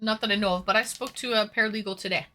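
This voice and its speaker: A woman's voice: medium pitch, steady tone, racing, sharp tone, a little hiss or hum. A woman streamer chatting casually with viewers, reading their messages aloud and swearing freely. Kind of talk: casual chat.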